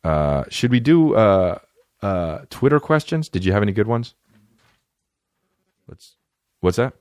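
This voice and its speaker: A man's voice: fairly low pitch, very animated, unhurried, darkish tone, clean tone, no room sound, clean studio sound. A man in his twenties hosting a comedy podcast in casual, profane, rambling chat, often slipping into goofy voices. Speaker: podcast host.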